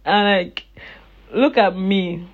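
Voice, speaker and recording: A woman's voice: mid-range voice, slow pace. Woman host, casual storytelling monologue, laughs a lot, lo-fi audio. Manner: chatty, laughs often, animated retelling of dialogue. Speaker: podcast host.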